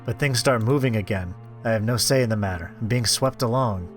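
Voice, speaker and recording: A man reading a visual novel aloud as a streamer, with quick asides of his own. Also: on the low side, soft background music. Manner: expressive, quick asides between read text. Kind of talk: reading a game aloud with commentary.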